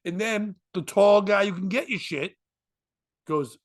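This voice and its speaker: A comedian telling a story in casual chat, slipping into voices and laughing often. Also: male voice, high voice, measured pace. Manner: animated, jumps into voices and laughs.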